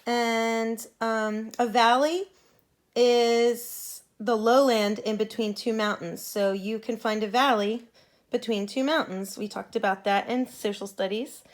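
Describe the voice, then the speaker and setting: Slow, patient woman teaching phonics. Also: fairly high pitch, steady tone. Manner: slow, clear, patient instruction with modeled sounds. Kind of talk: phonics lesson for young students.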